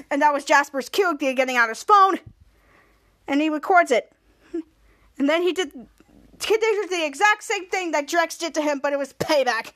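A podcast host retells a TV episode in a rambling, casual way, repeating herself and leaning on "somehow" and "cut to." Her very high voice is pushed and bright, with lively intonation, a moderate pace, and long pauses.

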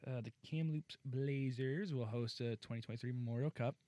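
On a casual sports podcast, a male co-host chats about hockey news in a relaxed way, laughing and cursing as he reads the stories. His voice is mellow and medium-pitched, his speed normal, and there's no room sound.

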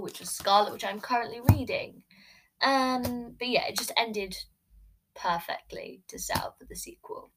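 A woman's voice: medium pitch, a bit bright, poor audio. A woman vlogging from her bed, ranking books in a rambling, gushing way with many fillers. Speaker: book vlogger. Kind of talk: casual book ranking vlog. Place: bedroom, sitting on her bed. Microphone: camera recording.

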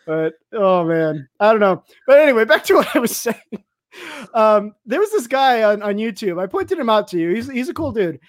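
A young man from El Paso talks in loose podcast chat, his pitch swinging up and down as he rambles. He laughs a lot between thoughts. The sound is dry, with no room around it. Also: moderate pace, no echo. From El Paso, Texas. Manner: laughs often, rambling and animated. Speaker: podcast co-host. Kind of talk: casual chat.

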